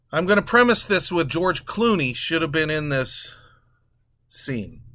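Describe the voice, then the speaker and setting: A man hosting a casual talk show, ranting in a crude, sarcastic, animated way. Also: a little high, no echo. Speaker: podcast host.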